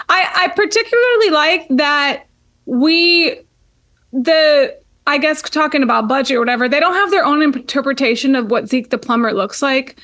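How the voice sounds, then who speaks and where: A woman's voice: high-pitched, a bit bright. A woman co-hosting a podcast, chatting casually with bubbly, giggly reactions. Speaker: podcast co-host. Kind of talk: casual chat.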